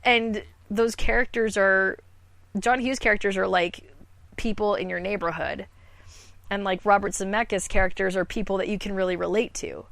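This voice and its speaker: A woman's voice: mid-range voice, fairly even intonation, moderate pace, gravelly, a bit bright, no room sound. A woman in her thirties, a voice actor guest, talking candidly and self-deprecatingly in a rambling podcast chat. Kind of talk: casual podcast conversation.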